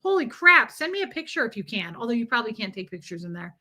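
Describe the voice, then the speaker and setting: A woman's voice: on the high side, fast talker. A young woman livestreaming, telling a story in casual chat and acting out what people said, often breaking into laughter. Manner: animated, acts out quotes with laughs.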